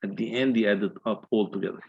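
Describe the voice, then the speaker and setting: A man's voice: lowish voice, fairly even intonation, fast talker, vocal fry, a little mellow, slightly rough, muffled recording. A man lecturing on engineering, working through calculations step by step and putting questions to his students. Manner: methodical, asks the class questions.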